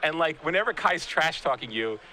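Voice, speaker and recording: A man in his thirties doing live game commentary, a chatty and animated storyteller who often restarts his sentences. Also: fairly high pitch, a little fast. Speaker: guest commentator, pro player.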